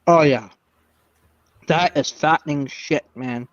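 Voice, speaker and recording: A man's voice: a little high, slow, slight background noise. A man in a casual livestream chat, rambling and hesitant, filling his talk with lots of "uh" and "like". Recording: dull lo-fi stream audio.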